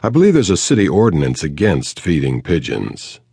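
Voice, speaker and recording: A man narrating a detective novel in the first person, measured, dry and matter-of-fact. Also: extremely low pitch, wildly swooping pitch, creaky, warm tone, breathy edge, no room sound. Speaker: audiobook narrator.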